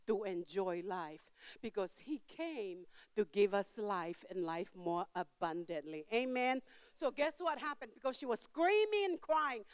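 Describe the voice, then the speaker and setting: Delivering a church sermon, an older woman tells a story using plain, non-standard grammar, moving between emphatic outbursts and quiet asides. She speaks at a medium pitch with no echo.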